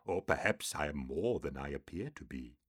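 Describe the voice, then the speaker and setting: Brief: male narrator doing a cryptic old two-headed demon oracle, deep low hiss, dry studio. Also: expressive, fairly bright tone, slightly rough, dry recording, heavily acted. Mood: ominous. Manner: hissing, low and measured. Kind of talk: audiobook character voice.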